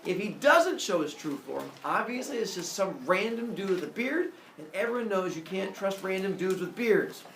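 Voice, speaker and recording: A man's voice: high-pitched, animated, moderate pace, hardly any pauses, a bit bright, a little hiss or hum, pitched above the performer's own voice. Man voicing scheming goddess in disguise, sly, coaxing, distant echoey room. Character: scheming goddess Hera posing as an old woman. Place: classroom. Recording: echoey room, camera far off.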